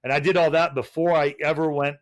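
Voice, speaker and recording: A man's voice: a little high, steady tone, fast. A middle-aged man, a retired Special Forces officer and podcast guest, telling rambling, profane anecdotes with frequent restarts. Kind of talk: casual podcast storytelling.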